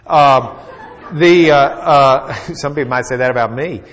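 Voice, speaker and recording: A man's voice: mid-range voice, measured pace, fairly bright tone, some chatter behind. A man teaching a Bible lesson in a folksy, joking storytelling way, with plenty of fillers.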